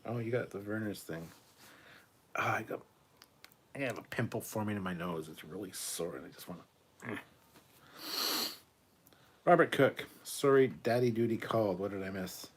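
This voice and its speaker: A man's voice: lowish voice, normal speed, long pauses, husky. A man in his thirties from Canada, casually hosting a live stream, reading viewer comments aloud and reacting with laughs and swearing. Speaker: livestream host reading chat.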